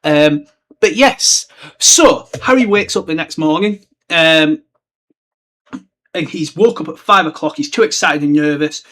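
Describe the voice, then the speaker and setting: Young guy rambling on his podcast, kinda high voice, does little voices for the characters. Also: fairly bright tone. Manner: rambling, chatty, breaks into quick put-on voices for characters. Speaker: podcast host. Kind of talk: casual book discussion podcast.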